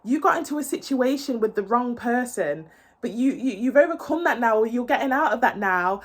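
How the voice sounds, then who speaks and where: A woman's voice: on the high side, expressive, fairly quick. Earnest woman giving a tarot reading. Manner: emotional, tearful, earnest and reassuring; many fillers and repeated words. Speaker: tarot reader. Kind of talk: casual tarot reading to viewers.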